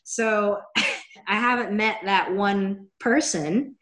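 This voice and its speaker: A woman's voice: medium pitch, slow, fairly bright tone. A woman from Seattle telling a personal story in a candid, chatty way, with a wry, self-deprecating humor. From Seattle, USA. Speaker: guest sharing a personal story. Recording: roomy echo.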